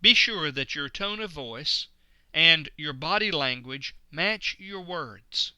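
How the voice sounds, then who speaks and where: Male instructor, very bright and crisp, dry close recording, measured lecture delivery. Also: a little high, expressive, no echo. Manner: slow, deliberate emphasis on key words.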